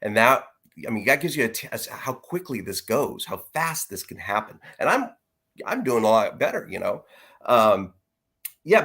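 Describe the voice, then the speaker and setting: A man's voice: a little high, fairly bright tone. Earnest middle-aged man recounting his story. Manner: earnest and reflective, with halting restarts. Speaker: interview guest. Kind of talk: personal story in a conversation.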